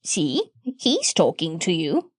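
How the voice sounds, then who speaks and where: A woman's voice: low-pitched, wildly swooping pitch, takes it slowly, husky, dry recording, clean studio sound, voice pushed down, exaggerated voice. Woman doing a proud bossy parrot. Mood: explaining. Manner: lecturing, knowing, squawks bird calls. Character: proud clever female pet parrot, bossy.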